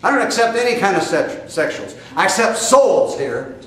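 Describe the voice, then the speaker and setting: An older man with a Midwestern accent delivers a fiery sermon, leaning hard on his stresses and now and then bursting out loud. His voice sits a little high, and it is heard from a distance in a very echoey room with faint noise behind it. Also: very animated. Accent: Midwestern American. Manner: fiery, emphatic preaching with sudden loud outbursts and drawn-out stresses. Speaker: spiritual teacher.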